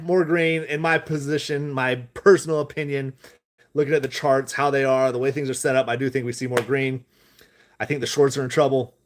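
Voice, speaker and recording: A man rambles on a live stream, swearing freely and laughing at his own tangents. His talk is loose and unhurried, chatty rather than polished. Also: medium pitch. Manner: loose, profane, laughing asides. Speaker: stock-talk vlogger.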